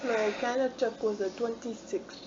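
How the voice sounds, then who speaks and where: A woman's voice: on the high side, steady tone, normal speed, recorded from a distance. A woman playing a tabletop role-playing game, blunt and teasing toward the others. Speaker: player. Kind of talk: casual table chat. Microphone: phone on the table. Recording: noisy lo-fi phone recording.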